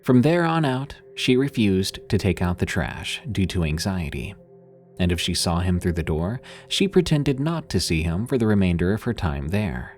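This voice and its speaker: Male horror-story narrator, very low voice, scripted and steady. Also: normal speed, faint music behind.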